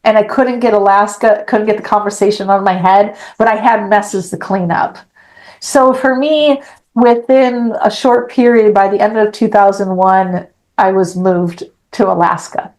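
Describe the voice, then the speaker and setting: A woman's voice: medium pitch, steady tone, normal speed, a little mellow, rough recording. A middle-aged woman, a podcast guest, telling a personal story with animation and acting out the dialogue in a frank, blunt way.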